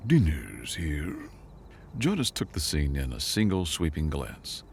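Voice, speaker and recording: A man narrating a scripted sci-fi story in a measured, even way. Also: very deep voice, slight background noise.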